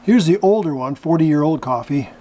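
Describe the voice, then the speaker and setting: A man's voice: on the high side, animated, moderate pace. A man hosting a casual vlog, chatting and chuckling as he shows things and thinks aloud. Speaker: vlog host reviewing military rations. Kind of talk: casual show-and-tell commentary. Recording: noisy home video recording.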